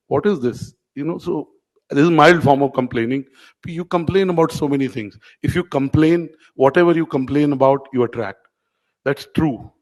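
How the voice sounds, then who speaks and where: A man's voice: a little high, low-quality recording. A middle-aged man giving an informal keynote speech to award winners, telling anecdotes and calling on audience members by name. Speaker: media company owner addressing award winners. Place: event hall.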